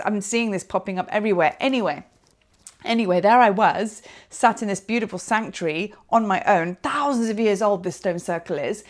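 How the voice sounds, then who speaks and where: Woman, spiritual teacher, casual rambling monologue outdoors, animated. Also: mid-range voice. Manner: chatty, rambling, animated, with laughs and trailing asides. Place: outdoors on a hilltop.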